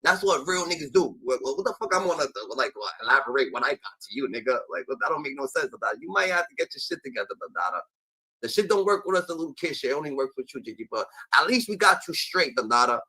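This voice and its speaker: A man's voice: mid-range voice, sing-song, fast, pushed and bright, slightly rough, low-quality recording. A man hosting a live stream, rambling and scolding, often trailing off with "da, da, da.". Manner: profane, scolding. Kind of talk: heated casual live-stream talk.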